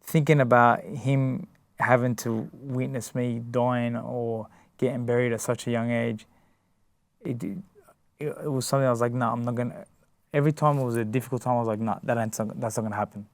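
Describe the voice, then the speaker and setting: A man's voice: medium pitch, fairly even intonation, gravelly, no room sound. A man, a boxer, talking casually in an interview, often restarting his sentences and filling them with "you know" and "like". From Australia. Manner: halting, many restarts and fillers. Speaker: guest, boxer.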